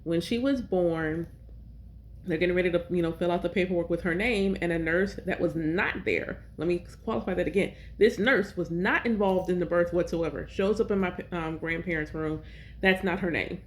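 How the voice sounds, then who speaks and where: A woman hosting a podcast, talking casually about names and numerology, pausing often to correct herself. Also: fairly low pitch, slight background noise. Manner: conversational, with self-corrections and fillers. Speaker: podcast host and priestess. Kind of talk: casual spiritual talk.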